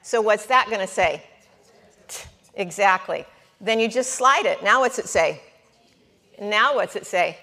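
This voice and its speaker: A woman teaching a class at a board, slow and patient, coaxing her students with questions. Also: mid-range voice, animated, pushed and bright. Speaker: Hebrew teacher. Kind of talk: classroom lesson at a whiteboard.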